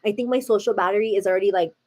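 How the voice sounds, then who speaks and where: A young American woman runs a livestream, chatting casually with viewers and repeating "like" and "girl" nonstop. Her mid-range voice has a dark tone, and she talks very fast.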